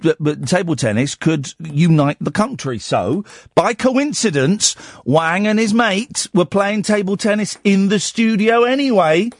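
A man hosts a late-night radio phone-in, his voice sitting high and swinging widely as he teases and needles callers. The sound is close and dry on a studio microphone. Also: unhurried, no room sound. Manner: animated, teasing and sarcastic. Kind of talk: casual phone-in banter.

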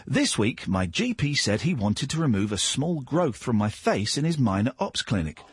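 English guy hosting late-night radio, husky voice, jumps around a lot in pitch, dry studio sound. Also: normal speed, no room sound. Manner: playful, jokey, lively with callers. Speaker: radio host. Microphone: studio microphone.

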